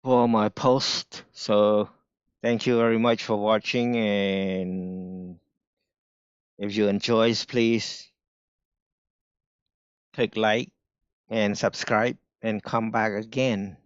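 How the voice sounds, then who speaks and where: A man with a strong non-native accent, talking casually on a live stream about his trading, halting and restarting often. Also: fairly low pitch, little pitch movement, clear, resonant tone, no room sound, lo-fi sound. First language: not English. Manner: halting, restarts often, slow careful phrasing. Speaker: day trader streaming live.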